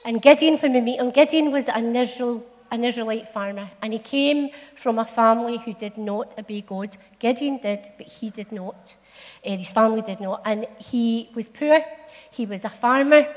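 A middle-aged woman with a Scottish accent, telling a Bible story to a church in a homely, playful, chatty way. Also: a little high. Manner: homely, chatty and playful, with local turns of phrase. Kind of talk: storytelling sermon. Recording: long echo of a large hall.

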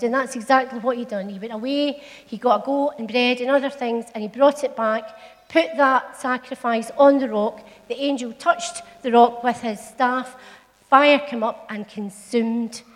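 A middle-aged woman with a Scottish accent, telling a Bible story to a church in a homely, playful, chatty way. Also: a little high. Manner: homely, chatty and playful, with local turns of phrase. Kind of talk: storytelling sermon. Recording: long echo of a large hall.

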